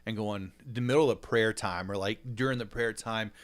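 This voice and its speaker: Man, podcast host, animated, rambling, laughs a lot, casual chat. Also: fairly low pitch, moderate pace. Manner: animated, rambling, laughs often, lots of fillers.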